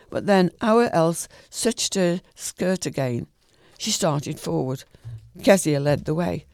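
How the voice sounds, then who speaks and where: A man reading a short story aloud in a calm, even way, with the odd small slip. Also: on the high side, dry recording, clean studio sound.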